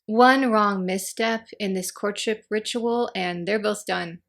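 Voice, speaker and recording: Creaky-voiced woman reviewing a TV episode. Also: mid-range voice, slow pace. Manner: animated, acts out characters' lines in quotes. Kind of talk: casual spoken review.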